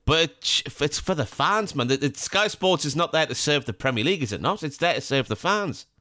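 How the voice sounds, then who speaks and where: A man's voice: fairly high pitch, expressive, a little fast, bright, forceful tone, no echo, clean studio sound. A man co-hosting a football podcast in casual chat, sarcastic and sweary. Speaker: podcast co-host.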